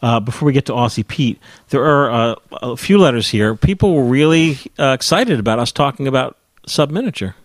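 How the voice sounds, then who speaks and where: A man's voice: mid-range voice, lively intonation, brisk, dry recording. A male podcast host in casual chat, talking hesitantly and leading to the next letter.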